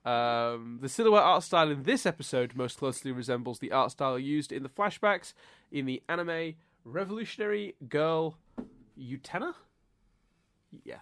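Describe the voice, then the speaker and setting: A man's voice: medium pitch, lively intonation, moderate pace, fairly bright tone, dry recording. A man from England hosting a podcast, stuffy with hay fever, rambling with lots of restarts. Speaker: podcast host. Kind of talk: casual podcast chat.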